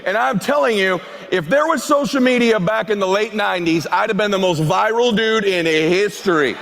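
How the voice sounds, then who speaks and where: A middle-aged man with a gravelly, fairly high voice tells a self-mocking keynote story from a stage. He drops to hushed asides, then builds to shouting. A long hall reverb trails every word. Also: moderate pace. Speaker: motivational speaker. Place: large event hall stage.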